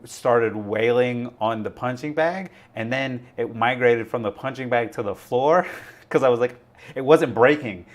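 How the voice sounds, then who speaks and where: Rambling casual male streamer. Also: mid-range voice. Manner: rambling, chatty, filler-heavy. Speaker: crypto YouTube streamer. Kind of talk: casual live-stream chat.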